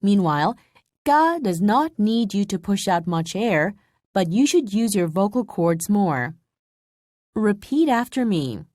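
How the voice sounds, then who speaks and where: A woman giving scripted narration for a language lesson, explaining sounds in a clear, measured way. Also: medium pitch, big pitch swings, darkish tone, dry recording, clean studio sound. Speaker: language instructor.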